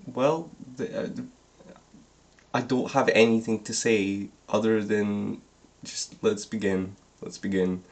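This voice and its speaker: A man's voice: fairly low pitch, fairly even intonation, slow pace, darkish tone. A young man doing a comedic reading of fan fiction aloud, breaking off for sarcastic, laughing asides. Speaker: vlogger. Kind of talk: comedic dramatic reading with commentary.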